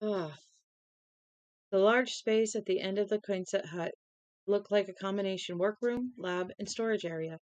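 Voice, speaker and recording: A woman's voice: medium pitch, moderate pace, dry recording, poor audio. A young woman reading a novel aloud to a live-stream audience, tired and yawning, chatty, with casual asides between passages. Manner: chatty, breaks off reading to talk to chat.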